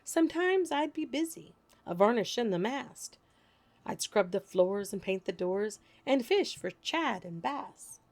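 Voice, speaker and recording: A woman storyteller reading children's stories aloud with lively, sing-song expression. Her voice sits fairly high with a gravelly, creaky texture. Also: unhurried.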